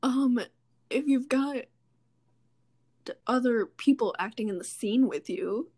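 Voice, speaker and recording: A woman's voice: fairly high pitch, slow, darkish tone. A woman co-hosting a podcast in casual chat, giggly and cautious, often hedging. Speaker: podcast co-host.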